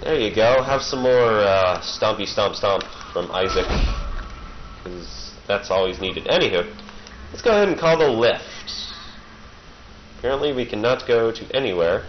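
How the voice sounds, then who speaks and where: This man's voice is lowish with lively intonation, and he keeps a moderate pace. As a let's-play gamer, he offers playful, rambling jokes while playing, with game sounds muffling the audio.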